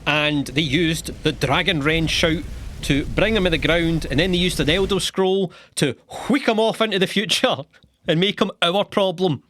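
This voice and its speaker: A man's voice: on the high side, normal speed, no room sound. Sarcastic man narrating comedy. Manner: sarcastic, animated, swears casually, laughs between lines. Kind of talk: comedic game summary narration.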